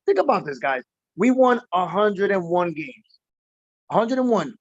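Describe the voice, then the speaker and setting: A baseball fan on a livestream chats loosely about his team's playoff game, a bit tipsy from drinking and rambling between laughs. His high voice is sing-song and a little slow, with no echo on a dull, dry lo-fi recording.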